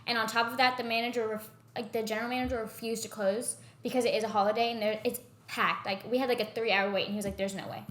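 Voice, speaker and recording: A woman's voice: fairly high pitch, steady tone, quick pace, a bit bright. Young woman retelling a story, full of "like". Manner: fillers of "like", vivid retelling. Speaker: podcast guest. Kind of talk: casual storytelling chat. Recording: echoey room.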